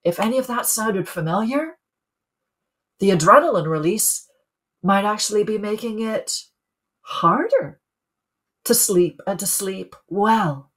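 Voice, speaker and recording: A middle-aged woman who coaches people on sleep, speaking calmly in a webinar and putting questions to her listeners. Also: fairly high pitch, a little slow. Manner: calm, teaching, asks the listeners questions. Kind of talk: webinar talk.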